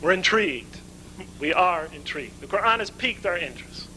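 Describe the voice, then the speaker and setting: A man's voice: sits high, expressive, brisk, bright, forceful tone, a little hiss or hum, poor audio. A man giving a conference lecture, asking rhetorical questions and answering them himself, building emphatic lists.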